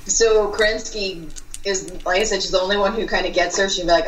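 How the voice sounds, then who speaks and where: A woman's voice: mid-range voice, fairly even intonation, brisk, slight background noise. A woman playing in a tabletop role-playing game, earnestly laying out her character's reasoning. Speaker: player. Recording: echoey room, distant mic.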